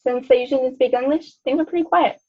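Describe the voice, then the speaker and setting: A woman's voice: high voice, fast. A young woman playing a sheltered rich girl at her first sleepover in a school skit, with a breezy, matter-of-fact manner. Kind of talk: student skit acting. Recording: dull lo-fi school video audio.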